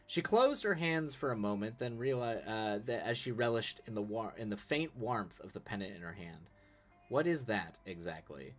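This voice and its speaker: Deep-voiced man reading a story aloud. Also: lively intonation, moderate pace, few pauses. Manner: casual, laughs and corrects his own slips. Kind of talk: live-streamed reading with casual asides. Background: faint music.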